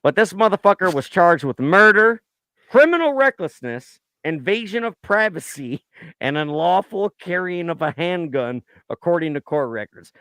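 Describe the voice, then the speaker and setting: Profane joking man with a smooth voice. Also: high voice, normal speed, dry recording. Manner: swears a lot, joking and animated. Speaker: podcast host. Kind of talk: profane casual true-crime chat.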